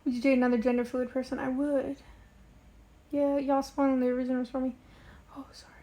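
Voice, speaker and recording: A woman's voice: sits high, little pitch movement, a little fast, dark tone. A young woman chatting casually on a livestream, reading and answering viewer comments in a rambling way with lots of fillers. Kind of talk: casual live-stream chat.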